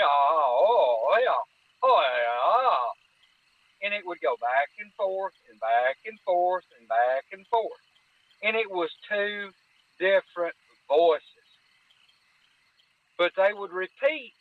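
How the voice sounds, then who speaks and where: A man's voice: high voice, no room sound. A middle-aged man, telling a personal story as a podcast guest in a folksy way, often restarting his sentences. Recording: tinny phone-like line, dry.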